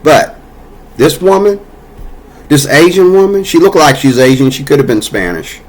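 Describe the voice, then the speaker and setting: A man with a notably high-pitched voice launches into an angry political rant. He scolds and curses freely, his tone heated and confrontational throughout. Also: animated, moderate pace. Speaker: political commentator. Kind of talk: angry monologue.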